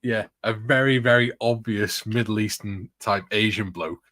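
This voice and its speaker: Reading viewer comments aloud, this male host wanders into chatty stories and laughs often. He speaks at a moderate pace in a voice on the low side and a bit bright, recorded with no room sound.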